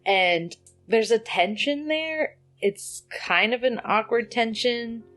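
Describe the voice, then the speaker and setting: A woman's voice: on the high side, slow, fairly bright tone. A woman co-hosting a podcast, chatting casually as she retells a film and acts out its characters' lines. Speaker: podcast co-host. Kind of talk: casual chat recapping a film.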